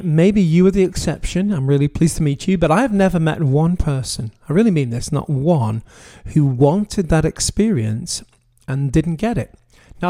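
A man giving sermon-style teaching from his home office, earnest and emphatic, slowing down on key phrases. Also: on the high side, dark tone. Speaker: pastor.

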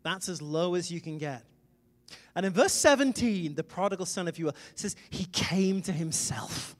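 Man preaching, high-pitched, emphatic swells, long hall reverb, from wales. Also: expressive, moderate pace. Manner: emphatic, conversational preaching with sudden loud swells. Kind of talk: sermon.

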